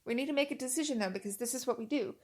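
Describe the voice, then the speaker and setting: A woman's voice: a little high, very fast, a little mellow. A woman co-hosting a podcast in casual chat, organized and steering the talk with questions. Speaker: podcast co-host.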